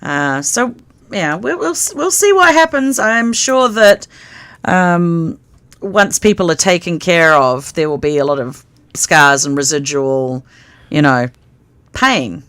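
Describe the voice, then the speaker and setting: A woman with a New Zealand accent, co-hosting a casual live-stream chat in a thoughtful, soft-spoken way. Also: lowish voice, lively intonation, takes it slowly, clean tone. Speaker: co-host.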